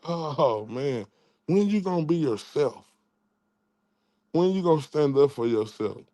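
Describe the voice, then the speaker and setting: A man's voice: on the high side, expressive, a little slow, mellow, no echo. A man hosting his own stream, taunting and mocking someone in a trash-talking rant, often stammering and repeating words. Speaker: channel host.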